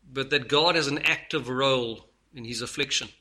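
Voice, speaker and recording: A man preaching a sermon, earnest, moving between loud stresses and hushed lines. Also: mid-range voice, moderate pace.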